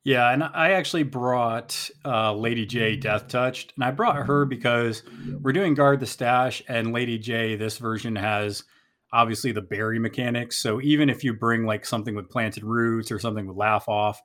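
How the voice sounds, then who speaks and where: A man's voice: mid-range voice, steady tone, moderate pace, fairly bright tone. A man co-hosting a podcast, casually asking questions and listing game pieces in an easygoing way. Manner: easygoing, asks questions, lists items. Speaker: podcast co-host. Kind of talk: casual game recap chat.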